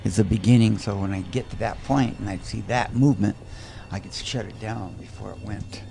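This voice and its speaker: A man's voice: fairly low pitch, steady tone, a little fast, gravelly, dark tone. A man who trains animals, talking earnestly in a casual commentary chat and explaining things in stops and restarts.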